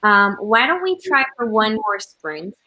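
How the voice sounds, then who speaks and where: A woman's voice: mid-range voice, big pitch swings, unhurried, sharp tone, rough recording. Giggly, rambling woman on a video call. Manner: giggly, rambling with many fillers. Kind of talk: casual chat.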